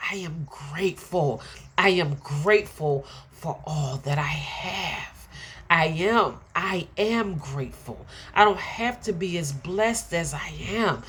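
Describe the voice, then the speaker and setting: Middle-aged philly woman, low voice, slow and emphatic, repeats affirmations like a preacher. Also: expressive, fairly bright tone, slightly rough. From Philadelphia. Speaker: motivational speaker. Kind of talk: motivational affirmation talk.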